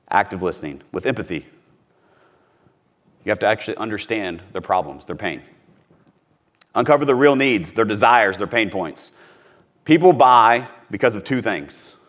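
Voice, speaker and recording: A man's voice: fairly low pitch, fairly bright tone. A man from Missouri giving a live sales training talk to a room, emphatic and repeating his key points.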